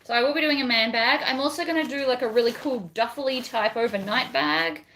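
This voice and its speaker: Brisk and a bit bright, with a fairly high pitch, a bag pattern designer keeps up casual chatter while sewing a bag live. She reads viewer comments and rambles between steps, and a slight hiss or hum is audible.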